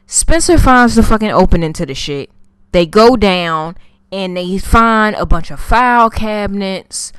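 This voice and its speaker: Female vlogger, profane animated recap; low, smooth tone. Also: dry recording. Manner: animated storytelling, heavy swearing, slangy. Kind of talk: casual profane TV episode recap.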